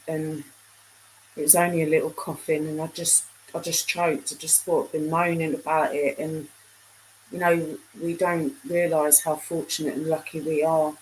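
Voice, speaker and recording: A woman's voice: deep voice, darkish tone, a little hiss or hum, low-quality recording. A middle-aged woman chatting casually with viewers on a live stream, rambling and trailing off mid-sentence. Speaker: livestream host.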